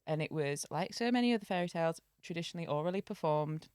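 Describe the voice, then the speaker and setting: A woman's voice: low voice, lively intonation, quick pace, darkish tone, clear, resonant tone, no echo, clean studio sound. A woman co-hosting a podcast, chatting casually, laughing often and stumbling over hard names while retelling an old tale. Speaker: podcast co-host. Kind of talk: casual chat and storytelling.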